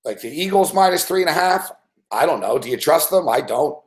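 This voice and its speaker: Man ranting about betting picks, fed-up and cursing a lot, swooping lively pitch, fairly high voice. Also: fairly quick. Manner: profane, exasperated ranting. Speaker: sports betting analyst. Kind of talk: live-stream betting rant.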